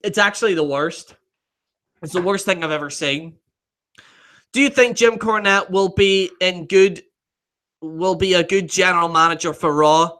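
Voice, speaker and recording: A man's voice: high voice, moderate pace, pauses often, pushed and bright. A man hosting a casual live stream, reading viewer comments aloud, laughing often, swearing freely and trailing off mid-sentence.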